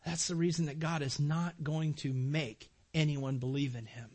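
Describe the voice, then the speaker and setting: A middle-aged man and pastor preaching a sermon in a church sanctuary, animated and emotional, repeating phrases for emphasis. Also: fairly high pitch, moderate pace, slightly rough.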